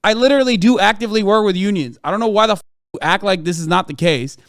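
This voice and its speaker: A man's voice: high-pitched, quick pace, a bit bright, no room sound, clean studio sound. An American man streaming a reaction to the news, ranting in an exasperated, profane way. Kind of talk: livestream reaction commentary.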